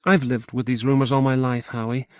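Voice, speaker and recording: A man's voice: mid-range voice, little pitch movement, a little fast, no room sound, highs cut off, pitched above the performer's own voice, natural voice. A man voicing an upset, earnest young woman in an audiobook, tearful and defiant.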